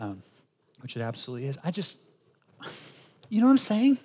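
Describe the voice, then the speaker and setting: A male pastor preaching a sermon, telling stories with animated quoted dialogue. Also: fairly high pitch, fast, pauses often, slightly rough.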